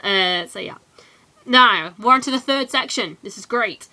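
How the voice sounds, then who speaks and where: A young woman from Britain chatting casually to camera in a vlog, with lots of ums and quick giggles. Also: medium pitch, pushed and bright. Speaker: vlogger.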